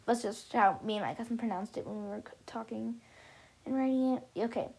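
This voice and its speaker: A woman's voice: fairly high pitch, brisk, darkish tone, breathy edge. A woman reading her own storybook aloud in a casual, chatty way, often stumbling over words and stopping to correct herself. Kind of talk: casual read-aloud of a self-written story.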